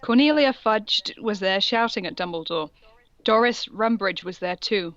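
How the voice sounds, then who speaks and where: A woman's voice: mid-range voice, normal speed, dry recording. A woman reading fan fiction aloud for a comedy podcast, breaking off for mocking asides and laughter. The recording is dry and a little muffled. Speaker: podcast co-host.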